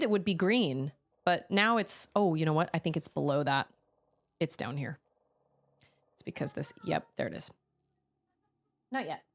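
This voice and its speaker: A young woman streaming a video game, chatting casually and breaking into silly voices. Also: medium pitch. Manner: chatty, animated, jumps into silly voices and laughs. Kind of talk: casual gameplay stream chat.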